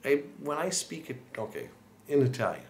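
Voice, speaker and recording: A man's voice: medium pitch, big pitch swings, normal speed, echoey room. A man with an American accent giving earnest, conversational tips to learners as a lesson host. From United States. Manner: earnest, conversational, with restarts and asides. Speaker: language-learning video host. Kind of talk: encouraging talk to camera.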